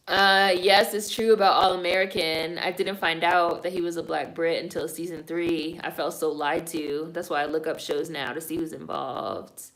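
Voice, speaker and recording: A woman with a bright, sharp tone running a live stream. She reads viewer comments out loud and answers them in blunt, opinionated bursts. Her talk is loose and profane, full of "like" and "y'all". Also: fairly low pitch, fairly even intonation, moderate pace, few pauses. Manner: blunt, opinionated, frequently swearing.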